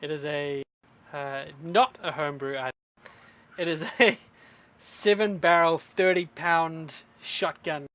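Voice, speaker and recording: A man running a tabletop game, calmly explaining rules to players. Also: fairly high pitch, slow pace, dull audio. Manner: calm, matter-of-fact rulings. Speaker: game master. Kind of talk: casual tabletop game chat.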